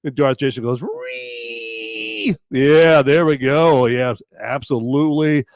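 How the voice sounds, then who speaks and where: A man hosting a live podcast, talking in a hoarse voice in a rambling, jokey way. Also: mid-range voice, steady tone, moderate pace, darkish tone, no room sound. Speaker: podcast host. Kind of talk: live casual chat.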